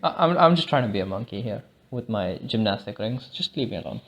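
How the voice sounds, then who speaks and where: A man talks alone on a podcast, thinking out loud. He drifts from thought to thought, cursing freely and stumbling into restarts as he goes. The tone is a loose, unscripted chat. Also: fairly low pitch, very animated, fast, dull audio. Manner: rambling, profane, restarts often. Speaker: podcast host. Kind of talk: casual solo podcast monologue. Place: lives in India.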